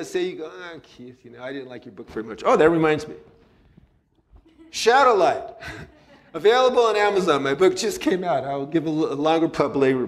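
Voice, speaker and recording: A man's voice: a little high, darkish tone. A man speaking as a psychologist guest in a casual conversation, loose and candid, swearing freely and laughing at himself.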